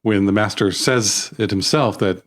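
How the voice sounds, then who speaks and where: Man, low-pitched, casual podcast chat, earnest, argues a point. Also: moderate pace.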